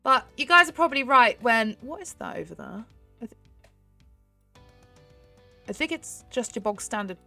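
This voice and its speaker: A young woman chatting excitedly to her viewers while she plays a horse game, giggling often. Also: fairly high pitch. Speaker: gaming YouTuber. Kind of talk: casual gameplay commentary.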